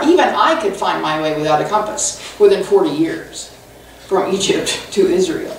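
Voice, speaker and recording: A woman pastor preaching a conversational sermon with animated, humorous storytelling, recorded in a church sanctuary away from the mic. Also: on the low side, moderate pace, a little hiss or hum. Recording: echoey hall from far off.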